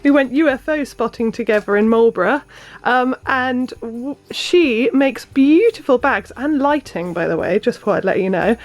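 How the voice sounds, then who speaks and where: A woman's voice: on the high side, animated, moderate pace. A woman and new mother chatting casually in her vlog, bubbly and gushing, slipping into sing-song baby talk.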